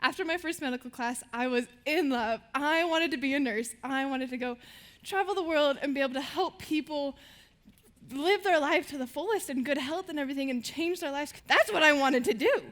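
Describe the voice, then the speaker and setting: A woman's voice: high voice, fairly quick, fairly bright tone. A teenage girl giving a stage talk to an audience, telling her stories in a bubbly way and laughing between lines. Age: teens. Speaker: student speaker on stage. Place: stage before a live audience.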